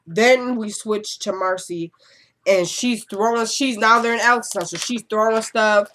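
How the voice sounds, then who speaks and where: A woman's voice: medium pitch, fairly even intonation, measured pace, fairly bright tone, slight background noise. A woman recapping a TV drama episode in a casual, chatty way, acting out the characters' lines while she has a cold. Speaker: TV recap vlogger. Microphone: camera.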